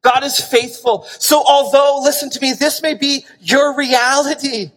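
Pastor, male, very high voice, animated emphatic preacher, big reverberant church hall. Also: a little slow. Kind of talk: sermon. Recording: long reverb of a large hall.

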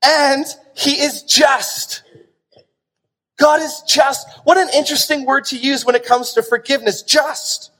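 A man preaching a sermon as pastor, animated and emphatic, pressing points with rhetorical questions. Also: extremely high pitch, a little slow. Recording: long reverb of a large hall.

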